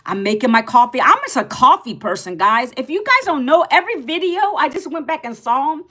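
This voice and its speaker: A woman in her fifties talking casually to camera as an online business coach, chatty, repeating herself and calling viewers "guys". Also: a little fast. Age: 50s. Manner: lively, pitch jumps up and drops low.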